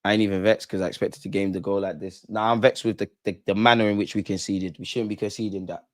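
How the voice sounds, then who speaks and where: A man's voice: on the low side, steady tone, fast. A man hosting a live football watch-along, talking emotionally at the players and referee on screen in casual, slangy speech with some swearing. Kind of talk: live match reaction.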